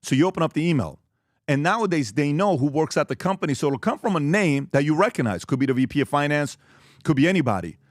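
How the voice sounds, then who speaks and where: A man hosting a business presentation to a live audience, direct and emphatic, telling stories with lively acted-out exchanges. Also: on the high side, no room sound, clean studio sound. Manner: animated storytelling, acts out quoted exchanges; direct and emphatic, lists points quickly. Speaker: host giving a business talk.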